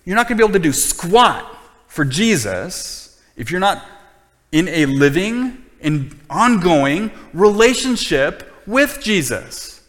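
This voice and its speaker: Pastor guy preaching, earnest and emphatic, voice a bit high, big hall echo. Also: a bit bright. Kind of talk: sermon.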